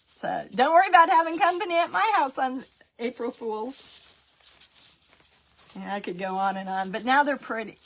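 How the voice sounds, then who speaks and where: A middle-aged woman with a fairly high, husky voice rambles through stories as she paints. She is chatty and laughs easily at her own pranks. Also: a little slow, long pauses, a bit bright. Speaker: crafting tutorial host. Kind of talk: casual storytelling while painting.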